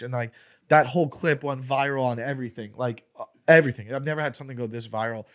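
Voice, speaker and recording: A man who is a comedian, telling a story as a podcast guest in an animated, profane way and acting out an argument. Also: mid-range voice, fast.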